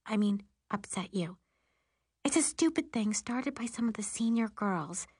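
A woman voicing an earnest teenage schoolgirl who whispers hurried apologies. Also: medium pitch, expressive, breathy edge, no room sound, studio quality, pitched above the performer's own voice. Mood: hushed, apologetic. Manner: hushed, apologetic, rushed.

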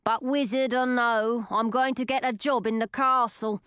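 A woman's voice: fairly high pitch, fairly even intonation, a bit bright, clear, resonant tone, no echo, studio quality, close to an everyday voice. A woman voicing a whiny grown man who is looking for work in an audiobook. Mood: complaining. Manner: complaining, drawn-out.

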